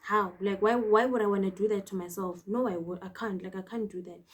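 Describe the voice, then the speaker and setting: A young woman in her twenties with a South African accent, telling a story to camera in an animated, code-switching way. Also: mid-range voice, brisk, husky. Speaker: vlogger. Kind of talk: storytime vlog.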